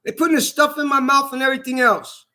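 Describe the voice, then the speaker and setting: A man's voice: very high-pitched, fairly even intonation, fast talker, bright, forceful tone. A man delivering a heated, indignant vlog monologue, repeating himself and swearing often. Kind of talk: angry personal vlog monologue.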